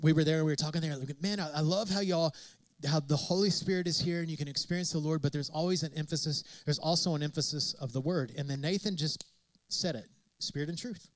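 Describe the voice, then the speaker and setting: A male pastor preaches with a high, ringing voice, driving his points home through repetition and rhetorical questions. The sound is dry and close, with almost no room echo. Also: quick pace. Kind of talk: sermon.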